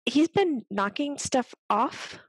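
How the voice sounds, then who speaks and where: A woman's voice: high voice, lively intonation, slow, dry recording. A woman working as a medium on a talk show, chatting casually, laughing often and passing on what a spirit tells her. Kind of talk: casual chat.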